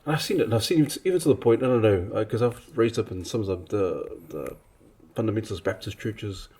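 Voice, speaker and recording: A man from Samoa talks fast and animated in a casual podcast conversation, telling stories and acting out the lines of others. His voice is dark and husky, and he often restarts his sentences. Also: lowish voice. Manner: animated, acts out quotes, many restarts. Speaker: preacher and artist. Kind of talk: casual podcast chat, storytelling.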